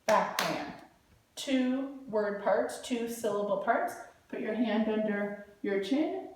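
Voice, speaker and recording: A woman teaching young children to read, speaking slowly and patiently as she sounds out parts of words. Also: a little high, darkish tone, distant mic. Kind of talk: early reading lesson for children. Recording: echoey room, voice from afar.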